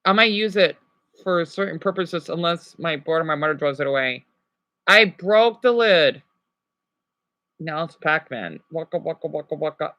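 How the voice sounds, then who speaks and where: A man's voice: a little high, lively intonation, bright, forceful tone, dry recording. A young man ranting on a live stream. He rambles, swears often and keeps apologizing. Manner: rambling, profane, quick to apologize.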